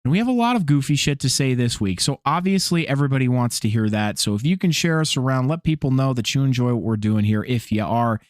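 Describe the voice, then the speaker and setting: A male podcast co-host chatting loosely and goofily, his pitch leaping up and down as he gets excited. He swears and trips over his own sentences. The sound is dry and close to the mic. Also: fast, hardly any pauses, dry recording. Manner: goofy, animated, swearing, trailing off into restarts. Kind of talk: casual podcast chat.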